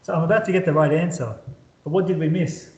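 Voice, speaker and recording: Male maths tutor with a slightly high voice, talks while sketching graphs, echoey room. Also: steady tone, fast, darkish tone. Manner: talks while drawing, repeats words, quizzes the student. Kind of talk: whiteboard calculus lesson.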